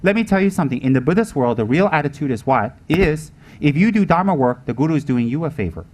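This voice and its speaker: A man teaching the Dharma with a fairly high voice. He hammers his points home, repeats them and keeps asking rhetorical questions as he preaches. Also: animated, fast, darkish tone. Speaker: Buddhist teacher.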